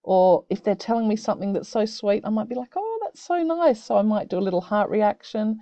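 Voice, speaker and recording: A woman who teaches young students, explaining a video-call tool step by step in a gentle, encouraging way. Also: medium pitch, steady tone, fast, dry recording, lo-fi sound. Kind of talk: screen-recorded tutorial for children. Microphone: computer mic on a video call.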